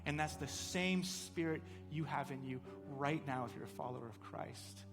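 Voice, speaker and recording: A man's voice: fairly high pitch, normal speed. A male pastor delivers a sermon in a church, his slightly raised voice ringing with the long reverb of a large hall. He tells his story earnestly and pushes into fervent emphasis, while faint music sits underneath.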